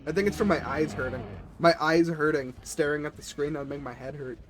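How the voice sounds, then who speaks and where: A man's voice: fairly high pitch, brisk, crowd noise. A man who is a little sick, chatting casually with viewers and players as he streams a game.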